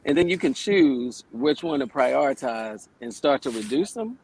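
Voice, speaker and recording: Husky and a little mellow, this mid-range male voice has lively intonation and a moderate pace, though the recording is rough. He's a yoga teacher in his 40s, telling stories as a radio guest in a casual, plainspoken way and swearing casually.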